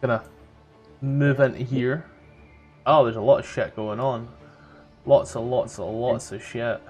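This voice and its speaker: A man's voice: mid-range voice, steady tone, a little slow, darkish tone, faint music behind. A man chatting casually as a tabletop game player, swearing and thinking aloud about the rules.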